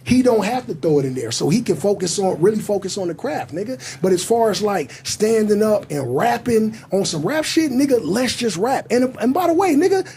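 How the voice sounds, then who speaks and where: Defiant man, high swooping voice. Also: big pitch swings, brisk, few pauses, mellow, slight background noise. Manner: defiant, profane, emphatic. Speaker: interview guest. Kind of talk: casual interview talk.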